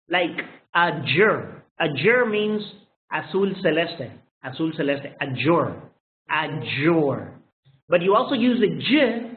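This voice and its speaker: A man whose first language is Spanish, teaching English pronunciation and repeating each sound again and again. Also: a little high. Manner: drills single sounds, repeating each one several times. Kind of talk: pronunciation lesson. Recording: tinny phone-like sound in an echoey room.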